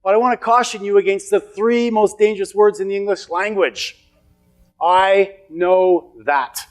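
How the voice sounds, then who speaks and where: A middle-aged man speaks to a live audience as a motivational speaker, his voice sitting a little high for a man. He tells personal stories with emphatic, repeated phrases, and soft music plays faintly under him. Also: steady tone, fairly quick. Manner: storytelling, emphatic, repetitive. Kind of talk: motivational seminar talk. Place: event hall with an audience.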